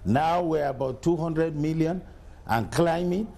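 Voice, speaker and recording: Forceful gravelly-voiced Nigerian governor. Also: male voice, on the high side, unhurried. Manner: forceful, argumentative, asks rhetorical questions. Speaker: state governor. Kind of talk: TV news interview.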